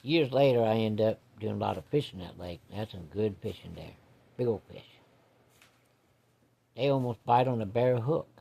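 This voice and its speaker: A man's voice: fairly low pitch, expressive, normal speed, gravelly, pauses often, dark tone, breathy edge. A man telling a rambling personal story in a folksy, casual way.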